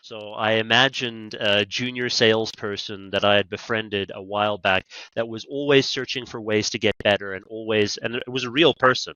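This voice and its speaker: A man's voice: fairly low pitch, steady tone, normal speed, hardly any pauses, bright, forceful tone, clear, resonant tone, dry recording, dull audio. A man with a Canadian accent, a podcast guest talking about negotiation training in a conversational interview, telling stories animatedly with quoted asides.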